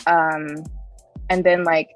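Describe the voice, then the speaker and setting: A woman's voice: low-pitched, flat delivery, slow, faint music behind, rough recording. A woman guest on a podcast telling her story in a chatty way, laughing often and tagging her sentences with "right?". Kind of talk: casual interview storytelling.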